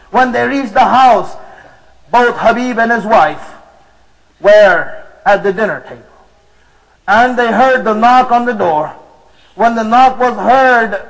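A man's voice: high voice, fairly bright tone, low-quality recording. A man preaching to a congregation, retelling a story with emotion and drama. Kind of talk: sermon storytelling.

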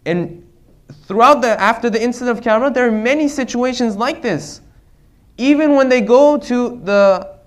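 A man's voice: extremely high pitch, moderate pace. A man giving an earnest religious lecture to a congregation, often checking in with rhetorical questions.

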